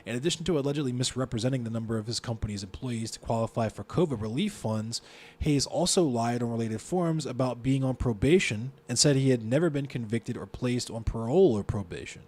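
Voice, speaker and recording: Profane streamer with a Baltimore accent. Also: male voice, mid-range voice, brisk. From Baltimore, United States. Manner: profane, reacts loudly to what he reads. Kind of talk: casual live-stream chat, reading news aloud.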